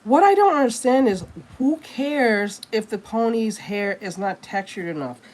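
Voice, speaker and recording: A woman's voice: a little high, lively intonation, a little slow, a little mellow. Blunt, rambling woman streamer. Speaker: artist streamer. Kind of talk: casual chat while drawing.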